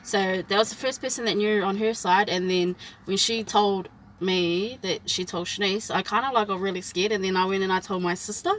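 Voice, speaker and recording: A woman's voice: medium pitch, fairly quick, a little hiss or hum, rough recording. A woman, telling a personal story in a casual chat and acting out what people said. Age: 20s. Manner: animated storytelling, acts out quoted lines. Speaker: vlog host.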